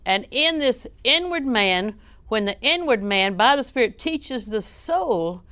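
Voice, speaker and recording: A woman's voice: fairly high pitch, animated, unhurried, sharp tone, dry recording. A woman preaching a sermon in a conversational, joking way, often questioning her audience.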